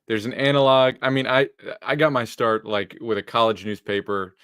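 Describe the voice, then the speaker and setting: A man's voice: medium pitch, steady tone, moderate pace, fairly bright tone, clean tone, no echo, studio quality. A man co-hosting a sports podcast, talking casually and reflectively. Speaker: podcast co-host.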